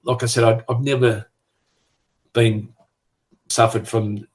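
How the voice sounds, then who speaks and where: A man in his sixties with an Australian accent, a retired police superintendent speaking as a guest on a video call, halting and reflective with frequent restarts. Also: mid-range voice, flat delivery. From Western Australia. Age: 60s. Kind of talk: conversational interview.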